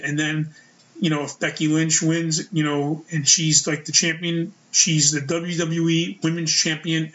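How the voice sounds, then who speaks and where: A man with a slightly high-pitched voice hosts his own podcast, sharing opinions in a loose, rambling way. He leans on filler words as he thinks aloud. The recording sounds dull and lo-fi. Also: fairly bright tone. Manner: casual, rambling, lots of "you know" fillers. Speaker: podcast host.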